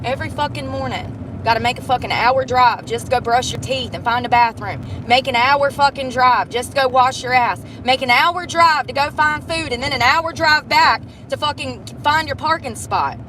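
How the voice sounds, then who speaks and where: Woman, vlogger, angry swearing rant, fairly high voice, noisy outdoor phone audio. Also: moderate pace, hardly any pauses, pushed and bright. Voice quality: heavy swearing, frustrated. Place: in and around a car outdoors.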